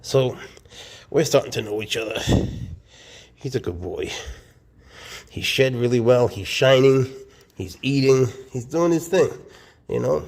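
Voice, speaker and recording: A snake keeper hosts a casual show-and-tell vlog, his medium-pitched voice expressive, a little slow and darkish, with vocal fry and long pauses. He jokes and chats, speaking tenderly to the snakes in his hands.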